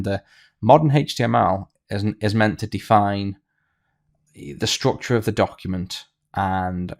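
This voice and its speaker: A man teaching a coding tutorial over a screen recording, thinking aloud with fillers and restarts. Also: on the low side. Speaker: programming tutor.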